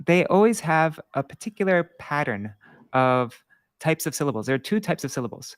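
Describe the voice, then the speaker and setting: A man giving an informal screen-share lesson on Sanskrit verse, halting with many fillers and self-corrections. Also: a little high, very animated, no room sound. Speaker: Sanskrit teacher.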